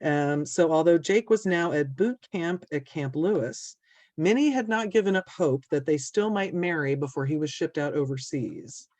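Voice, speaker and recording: Woman narrating local history calmly. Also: deep voice, moderate pace, no room sound. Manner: calm, explanatory, with small fillers. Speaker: museum presenter.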